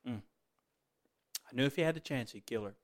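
A middle-aged man preaching a sermon, moving between fervent exclamations and quiet, tender storytelling. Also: mid-range voice, a little fast.

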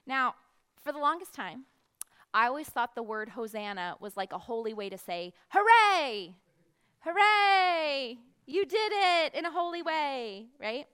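A high, bright woman's voice reads scripture and then explains it in a lively teaching manner. She acts out the crowd's shouts with animated emphasis. Her tone stays crisp and forward. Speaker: children's Bible teacher. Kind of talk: Bible reading and lesson.

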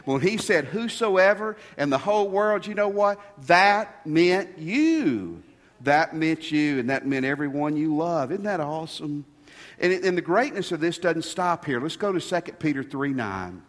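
A pastor with a fairly high, expressive voice preaches a sermon a little slowly, the long reverb of a large hall surrounding him. He stresses his points by repeating key phrases.

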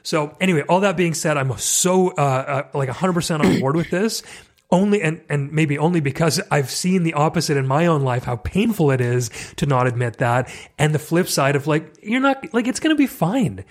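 A middle-aged Canadian man hosting a casual conversation, candid and self-deprecating with animated asides. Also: a little high, fairly quick. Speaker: podcast host.

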